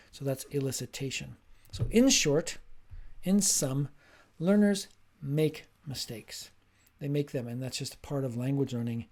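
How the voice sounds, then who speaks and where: A man, a linguistics professor, giving a short talk on teaching in a clear, emphatic lecturing manner. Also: mid-range voice, darkish tone.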